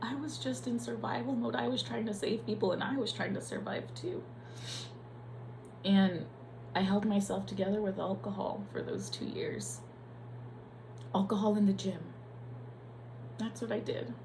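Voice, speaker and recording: A woman's voice: medium pitch, steady tone, normal speed, creaky, pauses often, darkish tone, slight background noise, low-quality recording. A young adult woman, a nurse, speaking in a candid, profane and emotional personal vlog.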